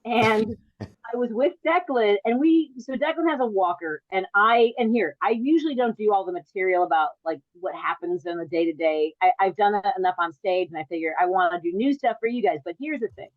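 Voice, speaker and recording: A woman's voice: mid-range voice, a little fast, dry recording, narrow, tinny audio. A woman comedian doing a rambling stand-up set over a video call, often stopping and restarting her sentences and laughing at her own jokes. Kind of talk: stand-up set on a virtual show.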